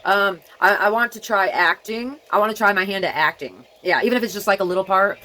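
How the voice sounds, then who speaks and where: A woman with a childlike way of speaking records a rambling, casual vlog monologue at home, jumping from topic to topic. Her medium-pitched voice is brisk, pushed and bright, and the recording is rough.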